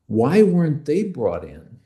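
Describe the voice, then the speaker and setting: A man's voice: on the high side, huge pitch swings, slow pace, mellow. A man co-hosting a podcast as the expert, explaining his views in an opinionated, confident way. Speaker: podcast co-host and expert commentator. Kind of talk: casual podcast discussion.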